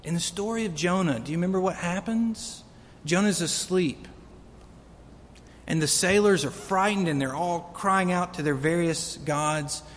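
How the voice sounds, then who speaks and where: A man preaching a sermon earnestly, building to emphatic peaks. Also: unhurried. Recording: long reverb of a hall, faint rumble.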